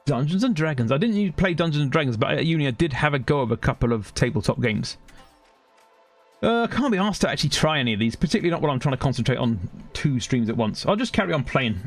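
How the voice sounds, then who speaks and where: Husky London-accented man streaming a game. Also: a little high, sing-song, fast talker, faint music behind. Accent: London English. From Britain. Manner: rambling, self-interrupting, reacting to the game mid-sentence. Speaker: gaming streamer. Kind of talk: casual live-stream chat over gameplay.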